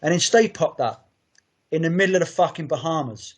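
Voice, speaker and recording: A man's voice: on the high side, lively intonation, brisk, husky. A man co-hosting a podcast, chatting in a sweary, enthusiastic, rambling way. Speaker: podcast co-host. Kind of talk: casual chat.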